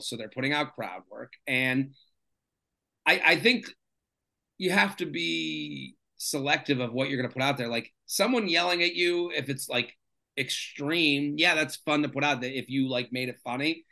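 Bright, gravelly-voiced man telling stories. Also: a little high. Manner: rambling, filler-heavy, animated storyteller. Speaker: stand-up comedian guest. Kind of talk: casual storytelling chat.

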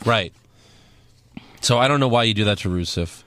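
A man's voice: lowish voice, normal speed, fairly bright tone, slight background noise. A man co-hosting a casual wrestling recap podcast, sarcastic and jokey.

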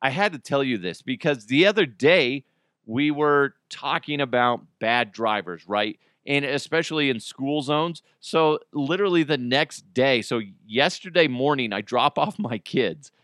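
A man in his thirties hosting a podcast, telling a story in casual chat, animated and profane, with his voice jumping up in outbursts, on a close microphone. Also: mid-range voice, a little slow, no room sound. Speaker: podcast host. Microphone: close studio microphone.

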